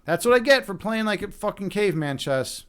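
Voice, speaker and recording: A young man with a Chicago accent talks through his chess moves on a live stream. His voice sits a little high for a man, and he swears freely as he goes. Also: fairly quick, smooth. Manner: animated, swearing, talks to chat while playing.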